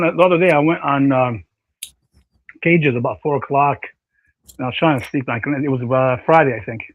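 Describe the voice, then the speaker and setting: A man hosting a casual online panel chat, rambling and animated with many fillers. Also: on the high side, no room sound. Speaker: panel stream host. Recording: slightly dull dry audio.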